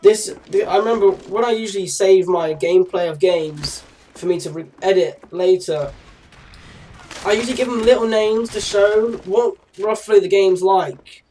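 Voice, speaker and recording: A man's voice: high voice, moderate pace, warm tone, distant mic, slight background noise. A young man with a put-on Australian accent, giving chatty, rambling gameplay commentary and swearing casually. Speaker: gaming YouTuber.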